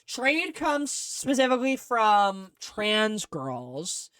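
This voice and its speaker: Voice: medium pitch, big pitch swings, very slow, fairly bright tone, no echo. A podcast co-host in casual chat, telling rambling, digressive stories full of fillers.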